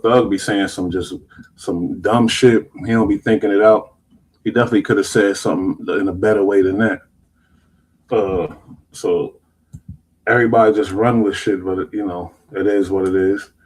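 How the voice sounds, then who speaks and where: A man's voice: lowish voice, fairly even intonation, normal speed, a little mellow, husky, low-quality recording. A man hosting a show, reacting to clips in loose slang and rambling, casual commentary. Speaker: show host.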